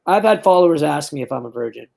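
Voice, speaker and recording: Earnest young man, slightly high voice. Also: animated, fast, vocal fry, a little mellow. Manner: earnest, enthusiastic, uses filler words like "like" and "um". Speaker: guest. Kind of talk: casual interview chat.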